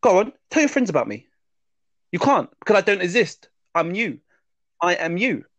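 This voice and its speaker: Man doing a jeering voice of fear, male, shrill, goading. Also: big pitch swings, normal speed, a bit bright, no room sound. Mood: taunting. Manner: mocking, rising to a shrill pitch. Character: taunting male inner voice of fear.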